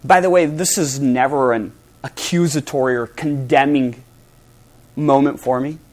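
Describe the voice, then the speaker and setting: A male pastor preaching a sermon to a congregation, swinging between loud emphasis and hushed, soft passages. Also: mid-range voice, a little slow. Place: church hall before a congregation.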